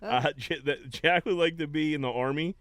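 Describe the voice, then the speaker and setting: A man's voice: on the high side, normal speed, a bit bright, no room sound. Man in his forties, dry close mic, casual joking host. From Pittsburgh. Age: 40s. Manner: loose, joking, swearing. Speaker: podcast host. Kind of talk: casual chat. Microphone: studio podcast microphone.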